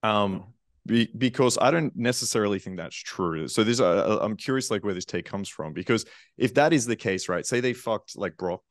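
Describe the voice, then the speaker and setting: A man's voice: fairly low pitch, moderate pace, dry recording, clean studio sound. A male dating coach on a panel who asks probing questions in a casual, profane way, full of fillers.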